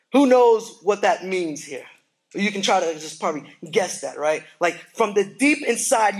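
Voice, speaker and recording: High-voiced man preaching, soft to loud. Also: rough recording. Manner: swings from soft, hushed passages to loud emphatic preaching; repeats words when starting phrases. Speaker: pastor. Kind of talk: sermon.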